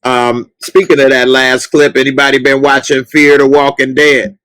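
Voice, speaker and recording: A man hosting a casual podcast livestream, chatting loosely and breaking into loud, mocking outbursts. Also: medium pitch, flat delivery, moderate pace, clean tone, dry recording. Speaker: podcast host.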